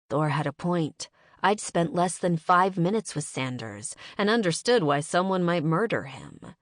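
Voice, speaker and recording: A woman narrating an audiobook in the first person with measured, wry storytelling on a close studio mic. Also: sits low, no room sound.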